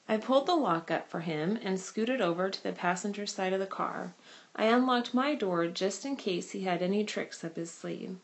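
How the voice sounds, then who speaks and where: A woman reading a children's novel aloud with expressive storytelling. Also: mid-range voice, normal speed. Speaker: reader.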